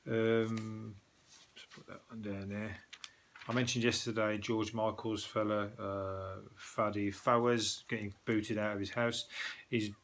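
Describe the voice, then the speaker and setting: A man's voice: lowish voice, flat delivery, unhurried, fairly bright tone, slight background noise. A man with a Birmingham accent, host of a newspaper review, chatting casually in a sweary, sarcastic, rambling way. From Birmingham, England. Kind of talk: casual chat.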